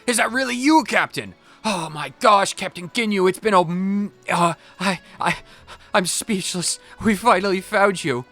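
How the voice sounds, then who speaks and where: A man's voice: sits high, measured pace, bright, forceful tone, soft background music, voice pushed up, exaggerated voice. A man doing an eager young pirate sailor. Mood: overjoyed. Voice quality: put-on pirate accent, rambling.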